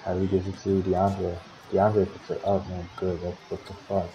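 In a warm, deep voice with a completely flat delivery at normal speed, a sim-league team manager calls the play-by-play of his own team's simulated basketball game. He's casual, curses often and gripes at his players. A little hiss or hum sits in the dull lo-fi recording.

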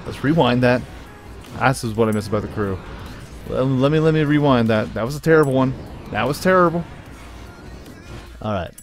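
A man narrates his racing game in a playful, chatty way, joking with viewers and talking back to the game. His voice sits at a middle pitch. Game music and engine sounds play clearly underneath. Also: expressive, normal speed, long pauses. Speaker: gaming YouTuber. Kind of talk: let's play commentary. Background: game music and engine noise.

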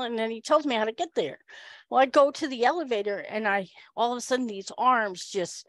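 A woman giving a humorous storytelling speech at a speaking club, animated and acting out the people in her story. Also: fairly high pitch, normal speed, no room sound.

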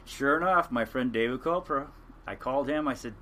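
Bright-voiced older man telling sea stories. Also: mid-range voice, lively intonation, a little fast, a little hiss or hum. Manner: rambling, earnest storytelling with restarts. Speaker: podcast guest, retired fishing captain. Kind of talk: casual storytelling interview.

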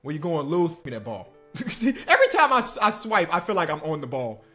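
Excitable gamer man, higher voice. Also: brisk, soft background music. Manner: excitable, jumps between hyped shouts and low muttering. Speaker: gaming streamer. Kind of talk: live commentary over a basketball video game.

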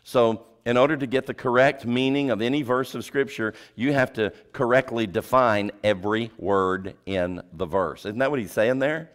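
A male preacher giving a sermon, asking the congregation rhetorical questions and dropping his voice low for emphasis. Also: moderate pace, few pauses. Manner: drops pitch and volume for emphasis.

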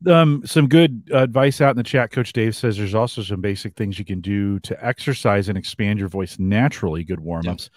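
A man's voice: fairly low pitch, moderate pace, hardly any pauses, no room sound, studio quality. A man co-hosting a podcast, talking gear in a rambling, filler-heavy way and reading out chat comments. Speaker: podcast co-host. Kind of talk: casual live-stream chat.

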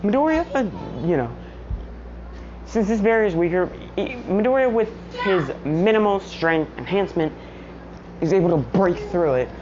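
Casting: low-voiced woman narrating a fan story, loose and rambling, muffled home recording with noise. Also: lively intonation, normal speed. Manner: rambling, filler-heavy with constant "you know". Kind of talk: casual story recap vlog. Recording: muffled lo-fi audio with household noise.

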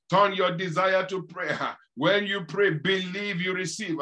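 A middle-aged man, a bishop leading fervent prayer, chanting in repetitive cadences, breaking into tongues and sudden loud outbursts. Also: sits high, fairly even intonation, normal speed, few pauses.

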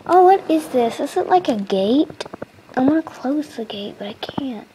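A woman's voice: high voice, lively intonation, moderate pace, a little mellow, a little hiss or hum, poor audio. A young woman casually commenting on her gameplay, chatty and giggly, easily startled, into a close computer mic. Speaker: gaming channel host.

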